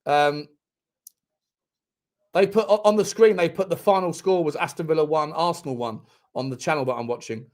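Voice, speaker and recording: A man's voice: a little high, moderate pace, long pauses. A man hosting a casual football watchalong stream, rambling and joking with frequent stammering restarts. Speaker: football channel host.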